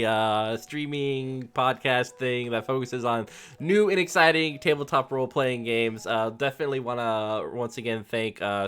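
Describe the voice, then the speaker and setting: A man's voice: medium pitch, fairly bright tone, smooth. A man hosting a tabletop role-playing stream as game master, wrapping up with lots of fillers and laughs. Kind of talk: casual stream wrap-up.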